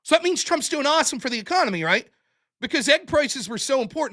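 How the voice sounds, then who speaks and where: A man's voice: very high-pitched, very animated, fast, pushed and bright. A man hosting a show, delivering a blunt, profane, sarcastic political commentary rant. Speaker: show host.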